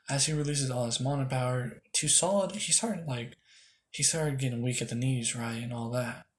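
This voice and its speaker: A man's voice: mid-range voice, moderate pace, slight background noise. A young man improvising a fan story, rambling with lots of fillers and restarts on a close mic.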